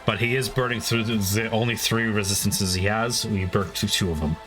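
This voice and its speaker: A man's voice: lowish voice, steady tone, a little fast, fairly bright tone. A man acting as game master, explaining the rules and laughing easily. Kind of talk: running a tabletop game. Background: background music.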